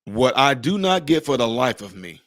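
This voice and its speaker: A man's voice: mid-range voice, sing-song, moderate pace, no echo, clean studio sound. A man in his forties hosting a live stream, giving impassioned, preachy commentary full of rhetorical questions. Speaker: livestream host and commentator.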